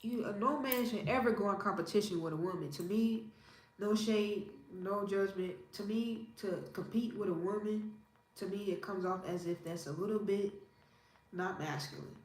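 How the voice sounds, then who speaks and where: A woman in her thirties from Indiana, giving her opinions in a casual interview in a calm, measured, self-assured way. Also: medium pitch. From Indiana, USA. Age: 30s. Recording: roomy echo with faint ambience.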